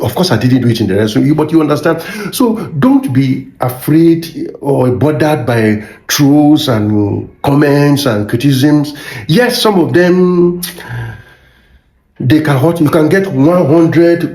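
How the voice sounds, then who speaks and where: A man's voice: mid-range voice, moderate pace, darkish tone. A middle-aged Nigerian man with a Nigerian accent, a minister giving an earnest, preacherly motivational talk that repeats phrases for emphasis. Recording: echoey room.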